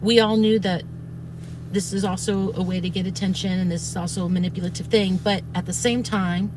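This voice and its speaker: A woman's voice: mid-range voice, fairly even intonation, brisk, background noise. Rambling woman telling a story. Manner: rambling, frequent restarts and fillers, swears when heated. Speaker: streamer recounting events. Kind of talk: casual storytelling to viewers.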